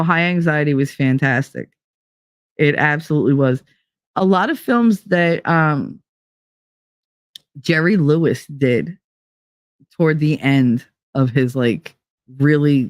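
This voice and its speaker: A woman's voice: sits low, dry recording, studio quality. A woman hosting a podcast in a rambling, chatty way, laughing often and swearing casually. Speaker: podcast host. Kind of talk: casual chat.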